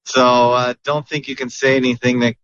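A man's voice: mid-range voice, level tone, moderate pace, fairly bright tone, a little hiss or hum. A man hosts a casual podcast chat with a mid-range voice. He rambles with fillers and restarts as he goes. The audio sounds muffled and lo-fi. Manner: chatty, with many fillers and restarts. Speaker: podcast host.

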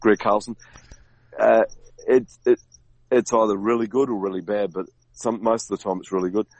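Male guest, very low pitch, rambling and halting, dry close mic. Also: fairly even intonation, a little mellow, dry recording, low-quality recording. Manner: rambling, halting, many restarts and fillers. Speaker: podcast guest. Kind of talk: casual conversation.

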